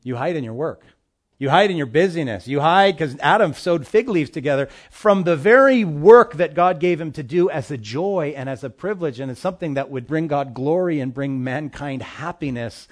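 A male pastor preaching a sermon, addressing the congregation directly with emphatic swings between loud and soft. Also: fairly high pitch, animated, moderate pace.

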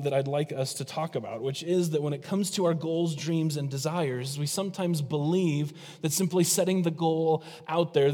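A man delivers a sermon as a pastor, his voice sitting a little high. He keeps turning to the congregation with questions. The sound rings with the long reverb of a church hall. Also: mellow. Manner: engaging, asks the congregation questions. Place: church sanctuary.

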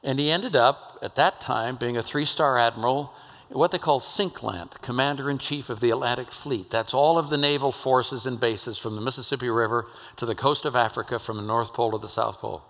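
Older guy preaching, telling a story all chatty, bright voice, big echoey church. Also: mid-range voice, fairly quick. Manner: conversational anecdotal storytelling. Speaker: pastor. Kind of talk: storytelling sermon. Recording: long hall reverb.

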